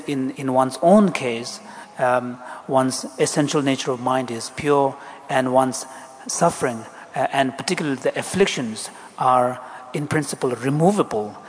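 Man, interpreter, hesitant, measured, mid pitch, faint hiss behind. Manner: hesitant, many ums and uhs. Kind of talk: interpreting a dharma talk. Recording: long hall reverb, faint noise.

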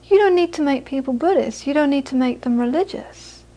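Her voice high, mellow, and animated, a woman teaching Buddhism talks a little fast during a dharma talk for a small group. Anecdotes fill her talk, and she often repeats words while she finds her phrasing.

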